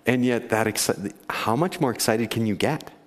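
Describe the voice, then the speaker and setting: A man's voice: medium pitch, normal speed. A man preaching a conversational sermon to his congregation, often laughing and asking them questions. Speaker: pastor. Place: church sanctuary. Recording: church hall with long reverb.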